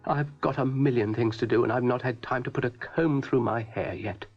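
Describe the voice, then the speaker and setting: A man's voice: mid-range voice, fairly quick, soft background music, close to an everyday voice. An actor voicing a grumpy, vain shaggy male dog in a 1970s children's TV show, in a lugubrious manner. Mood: fussed. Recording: dull lo-fi archive recording.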